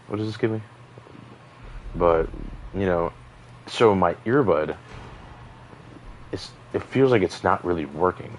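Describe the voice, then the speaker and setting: Young male gamer, very low voice, chatty and rambling; faint background noise. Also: moderate pace, pauses often, poor audio. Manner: chatty, rambling, lots of fillers and asides. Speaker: gaming streamer. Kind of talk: rambling story while playing a game.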